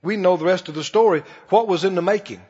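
A man's voice: high-pitched, quick pace, darkish tone, husky. A man preaching a sermon in a folksy, emphatic way, often putting questions to the audience. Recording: dull echoey hall broadcast.

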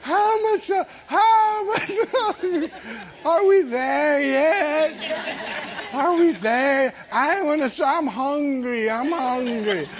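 A man's voice: very high voice, slow pace, dull audio, a little hiss or hum, voice pushed up. A man putting on the voice of an impatient child who whines and nags on a car trip. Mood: whiny. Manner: whiny, nagging.

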